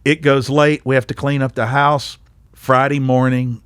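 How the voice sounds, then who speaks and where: A man's voice: mid-range voice, little pitch movement, moderate pace, a bit bright, clean tone, no echo. A middle-aged man with a Southern accent, hosting a podcast and telling a joking story in casual chat. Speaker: podcast host. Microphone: studio microphone.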